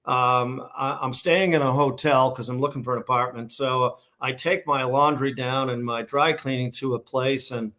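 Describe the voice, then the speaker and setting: A middle-aged man with a Boston accent talks as an interview guest. He tells his stories in a loose, rambling way, full of fillers and restarts, at an everyday mid pitch. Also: steady tone, moderate pace, few pauses, pushed and bright. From Massachusetts, USA. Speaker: guest, shoe company founder. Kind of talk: casual storytelling interview.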